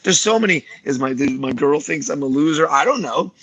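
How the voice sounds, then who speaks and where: A man's voice: a little high, moderate pace, slightly rough, no room sound, highs cut off. A man on a podcast, talking casually and animatedly, acting out the people in his stories. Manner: animated storyteller, acts out quoted voices. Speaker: martial arts teacher guest.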